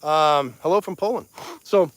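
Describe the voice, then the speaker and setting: Out in his pasture, a man with a Missouri Ozarks accent talks with livestream viewers in a plain, chatty way, using a phone on a selfie stick. He's a rancher with a voice on the high side, fairly bright, at a moderate pace, with no echo.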